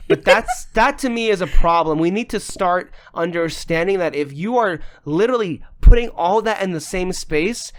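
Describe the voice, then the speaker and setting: Guy on a podcast going off about stuff, swears a lot, slightly high voice, kinda losing his voice. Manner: emphatic, profane ranting. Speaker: podcast co-host. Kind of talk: casual podcast discussion.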